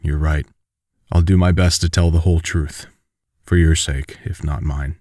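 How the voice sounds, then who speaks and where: A man's voice: low voice, normal speed, no echo, clean studio sound. A man voicing a remorseful, condemned old father. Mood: resigned. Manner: soft and regretful. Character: remorseful imprisoned father, older man facing death.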